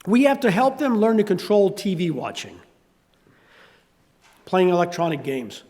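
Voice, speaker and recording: In a room with a big sound, an older man with a Southern accent delivers a sermon as pastor, his high voice unhurried. He brings his stories to life by acting out voices.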